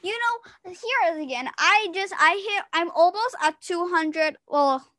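A young woman hosting a casual podcast chat, excitable and giggly. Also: very high voice, unhurried. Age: young adult. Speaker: podcast host.

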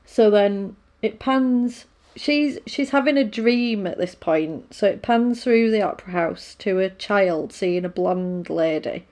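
A woman's voice: medium pitch, animated, slow pace, darkish tone. A woman casually retelling a film plot, rambling with fillers and asides.

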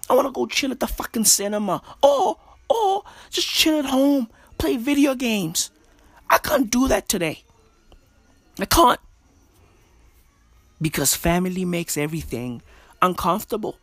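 Slow, hushed man ranting. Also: high-pitched, vocal fry, slightly rough, no room sound. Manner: slangy, profane, repetitive rambling. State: speaking in a hushed half-whisper. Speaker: podcaster. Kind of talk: casual rant. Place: own bedroom at home.

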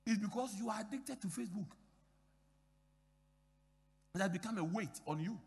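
Emphatic pastor in an echoing hall. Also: male voice, high-pitched, expressive, normal speed, pauses often. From Ghana. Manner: emphatic preaching with repeated phrases and acted-out dialogue. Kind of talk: sermon.

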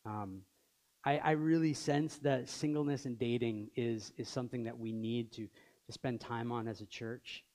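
A pastor in his thirties preaches a sermon, earnestly telling stories and acting out the dialogue. His voice is medium-pitched and darkish, with fairly even intonation and an unhurried pace.

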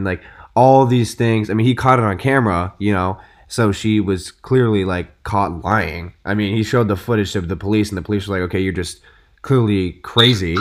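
A man recounts events on a casual podcast in a fairly low voice. His telling is animated and loose, peppered with fillers. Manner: animated storyteller, many fillers like "you know" and "dude". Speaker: podcast co-host.

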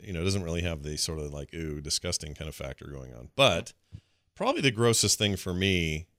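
Man, podcast co-host, bright tone, crisp and clear voice, dry close sound, enthusiastic rambling chat. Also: deep voice, big pitch swings, fairly quick, no echo. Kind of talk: casual movie-podcast chat.

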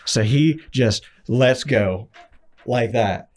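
A young man hosting a casual chat, telling stories in an animated way. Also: medium pitch, very slow. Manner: animated storyteller.

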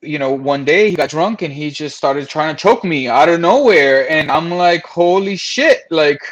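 Candid man, slightly high voice. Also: lively intonation, moderate pace, a bit bright. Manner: frank, profane, acts out quoted voices. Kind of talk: candid personal storytelling.

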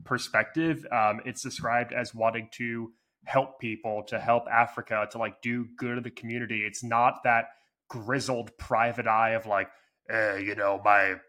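A man co-hosting a podcast chats with plenty of enthusiasm, dropping a frequent "like" into his sentences. His mid-pitched voice has a bright, forceful edge. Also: flat delivery, normal speed. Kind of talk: casual podcast discussion.

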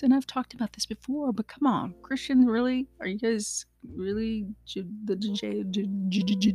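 Woman talking to her listeners on her podcast, earnest and blunt, lots of ums, soft music in back. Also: medium pitch, breathy edge. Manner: earnest, outspoken, with frequent fillers and asides to listeners. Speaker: podcast host. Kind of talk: casual solo podcast monologue.

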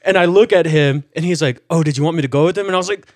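A man's voice: fairly high pitch, racing, no room sound, clean studio sound. A young man in casual podcast chat, telling a story and acting out what his friends said. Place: podcast studio.

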